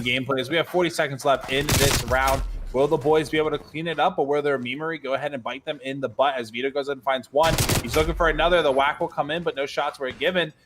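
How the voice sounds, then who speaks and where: Male esports caster, rapid jokey play-by-play, noisy game audio behind. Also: medium pitch. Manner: fast, excitable, jokey. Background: game gunfire and clicks.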